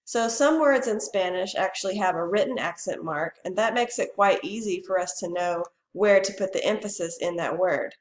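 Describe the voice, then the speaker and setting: A woman teacher gives a slow, clear bilingual lesson, saying each Spanish phrase first and then the English. Her voice sits at a middle pitch and carries a roomy echo.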